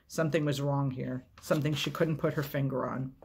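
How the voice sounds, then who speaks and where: A man reading a novel aloud as a storyteller, with a husky voice at an ordinary pitch. His delivery is steady and measured, and he takes his time with each line.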